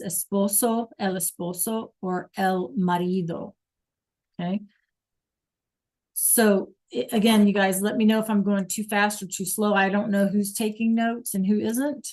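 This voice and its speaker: A woman teaching a Spanish class online over a video call, patient and checking in with students often. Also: medium pitch.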